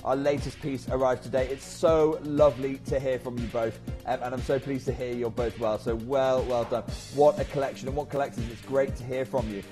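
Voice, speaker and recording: A man presenting a live shopping channel, chatty and energetic with off-script asides. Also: medium pitch, brisk, few pauses, soft background music.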